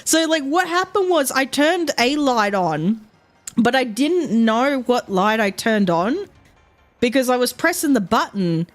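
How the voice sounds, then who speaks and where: A woman's voice: fairly high pitch, animated, measured pace, faint music behind. A young woman, telling a long story as a streamer, rambling with lots of fillers and quoted asides. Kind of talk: casual storytelling while streaming.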